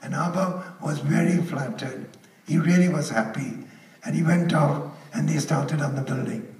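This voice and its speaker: A man's voice: on the high side, fairly even intonation, moderate pace, darkish tone. An older man on a conference panel, telling a story and quoting other people, laughing as he goes. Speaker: panel speaker. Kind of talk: anecdote told on a conference stage. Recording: echoey hall, mic at a distance.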